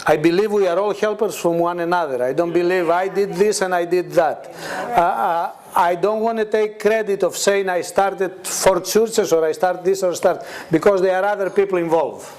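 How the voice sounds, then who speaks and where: Speaking with a high voice at normal speed and few pauses, a male guest preacher delivers a conversational testimony sermon at a church meeting with a responding congregation. He laughs often and tells animated stories, acting out quoted voices.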